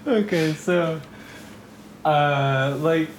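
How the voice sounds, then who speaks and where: A man's voice: on the high side, very slow, a loud crowd. A man co-hosting a comedy podcast, rambling and laughing as he trails off mid-thought. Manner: giggly, rambling, often trails off. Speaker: podcast co-host. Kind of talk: casual comedy chat.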